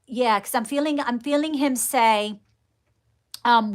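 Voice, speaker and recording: Halting woman psychic streaming live. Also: a little high, lively intonation. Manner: halting, repeats words, calls viewers darling. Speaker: psychic medium. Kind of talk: live-stream channelling session.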